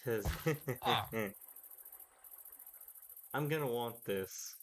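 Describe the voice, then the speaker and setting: A man's voice: medium pitch, very slow. A man giving casual, rambling commentary to his viewers while he plays a game. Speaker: gaming video creator. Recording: loud background noise.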